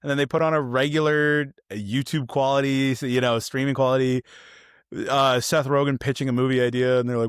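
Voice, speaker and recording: A man co-hosting a podcast, chatting casually about films and acting out the people in his stories with lively energy. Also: mid-range voice, brisk, clear, resonant tone, dry recording, studio quality. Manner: animated storytelling, acts out quoted people. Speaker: podcast co-host. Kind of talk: casual film review chat.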